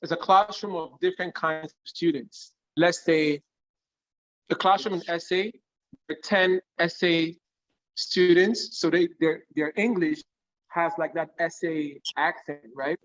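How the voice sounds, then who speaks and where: A man, a guest singer giving career advice in a conversational interview, explaining lively through analogies and often checking with his listener. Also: a little high, unhurried, lo-fi sound. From Nigeria.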